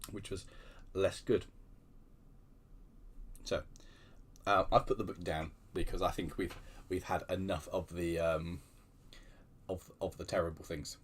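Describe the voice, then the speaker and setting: A man's voice: low voice, steady tone, takes it slowly, long pauses, husky. A man hosting a casual livestream, chatting in a rambling, self-deprecating way with many restarts, keyboard typing behind him. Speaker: livestream host.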